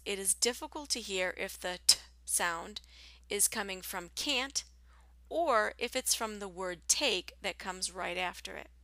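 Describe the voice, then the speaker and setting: A woman teaching a scripted English pronunciation lesson, speaking slowly and carefully with clear enunciation and a soft, partly whispered delivery. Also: medium pitch, no room sound.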